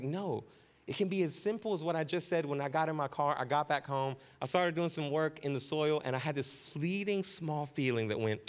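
A man's voice: on the high side, expressive, a little fast. A man preaching a conversational sermon as pastor, joking with the congregation and repeating key phrases for emphasis. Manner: casual, joking, keeps asking "right?".

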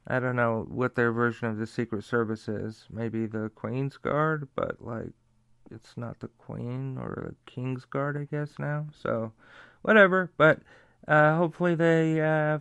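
A man's voice: mid-range voice, fairly bright tone, clear, resonant tone, no room sound. A man hosting his own show, giving blunt, profane commentary on the news and reading sponsor ads in a casual, offhand way. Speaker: host.

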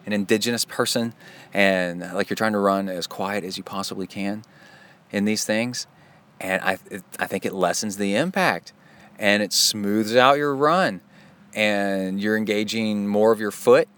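Low-voiced man rambling casually on a podcast. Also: fairly bright tone, smooth. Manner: chatty, self-deprecating, prone to digressions. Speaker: podcast host.

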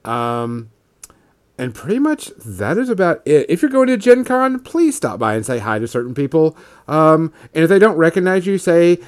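A man hosting a podcast in a relaxed, joking way, swearing now and then over closing music. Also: on the high side, normal speed. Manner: loose, joking, swears casually. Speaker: podcast host. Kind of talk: casual chat. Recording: music playing behind.

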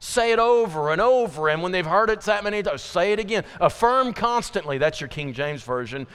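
Pastor guy, high-pitched, chatty and emphatic, lots of questions to the crowd. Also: lively intonation, fairly quick, fairly bright tone, clean tone, in a large hall. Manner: conversational, emphatic preaching with rhetorical questions. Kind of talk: sermon.

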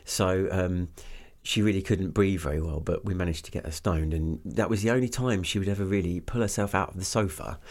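A man's voice: low-pitched, fairly quick, hardly any pauses, darkish tone. A man with an English accent, chatting casually as a guest and rambling with many fillers. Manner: rambling, full of fillers and restarts. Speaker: guest, business owner. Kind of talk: casual conversation.

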